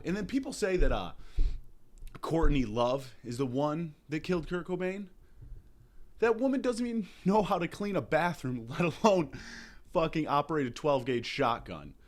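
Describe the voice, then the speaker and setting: A man's voice: a little high, expressive, normal speed. Hungover young guy ranting on a comedy podcast, swearing a lot, voice jumping up and down. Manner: loud, profane, mock-outraged ranting with exaggerated impressions. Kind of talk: satirical comedy rant.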